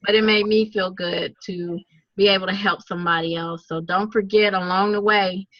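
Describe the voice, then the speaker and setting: A woman with a Southern accent, an animated storyteller who laughs often and acts out what people said, talking casually to a group on a video call. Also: medium pitch, moderate pace. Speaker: network marketing speaker. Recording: dull, dry lo-fi sound.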